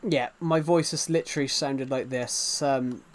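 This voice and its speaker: A man's voice: mid-range voice, steady tone, a little slow. A man live-streaming a game, chatting casually and reassuring viewers, often repeating himself. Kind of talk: casual live-stream chat while gaming.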